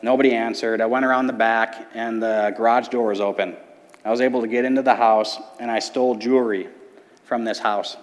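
Speaking at medium pitch with fairly even intonation, a man in his thirties tells his personal testimony in a church sanctuary. He's a middle school ministry pastor, and his storytelling is earnest and paced, marked by dramatic pauses, under long church hall reverb.

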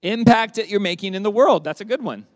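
A man teaching a summer youth group from the Bible, lively and conversational, asking the group questions and repeating their answers. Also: high-pitched, a little fast, no echo. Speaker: youth pastor.

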